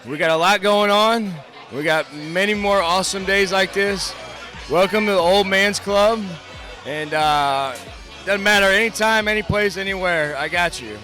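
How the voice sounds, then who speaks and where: A man with a high, bright voice gives an emotional toast to a close friend, close to tears. Faint music plays behind him. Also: moderate pace.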